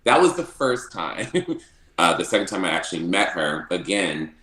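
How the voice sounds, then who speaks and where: A man telling stories as a podcast guest, animated, often laughing and acting out what people said. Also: low voice, moderate pace, roomy sound, poor audio. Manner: animated, laughing often, acts out quoted lines. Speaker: podcast guest, drag performer. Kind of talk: casual storytelling interview.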